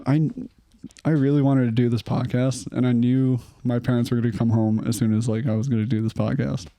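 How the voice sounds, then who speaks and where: A man's voice: medium pitch, little pitch movement, brisk, warm tone, no room sound. A young man co-hosting a casual podcast from his parents' house, laid-back, laughing often and swearing casually. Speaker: podcast co-host. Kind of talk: casual chat.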